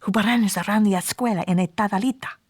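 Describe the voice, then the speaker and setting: A woman's voice: mid-range voice, quick pace, close to an everyday voice. A woman voicing a big, laid-back male chihuahua who talks like a casual dude.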